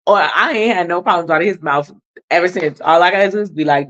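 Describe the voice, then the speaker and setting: A woman's voice: fairly low pitch, quick pace, a bit bright, highs cut off. A woman co-hosting a casual talk show, telling a blunt, profane story about her son with lots of swearing. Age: adult mother of a son. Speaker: podcast co-host.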